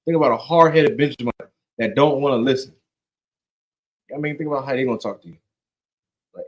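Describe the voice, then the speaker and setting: With a mid-range voice, a slightly fast pace, and long pauses, this man teaches scripture conversationally, joking and using slang as a Bible study teacher. He often asks "you know what I'm saying," and the audio sounds dull.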